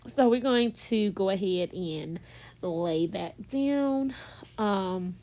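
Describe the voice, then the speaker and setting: A woman recording a casual, chatty voiceover in her bedroom, talking softly, laughing at herself and speaking straight to her viewers. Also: mid-range voice, expressive, takes it slowly. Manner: talks softly so as not to disturb someone nearby. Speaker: planner vlogger. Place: bedroom at home.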